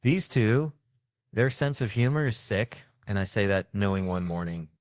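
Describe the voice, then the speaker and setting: A man's voice: on the low side, lively intonation, normal speed, dry recording, studio quality. A man doing stand-up, telling stories in a profane, exasperated, punchy way. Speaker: stand-up comedian. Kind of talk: stand-up storytelling.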